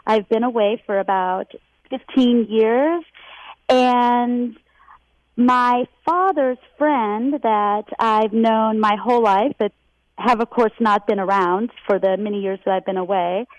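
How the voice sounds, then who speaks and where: A woman calls in to an advice show and talks slowly and thoughtfully, candid about her situation. Her voice is a touch high. The recording is dry, with no room sound. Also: no echo, low-quality recording. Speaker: caller. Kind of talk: phone-in talk.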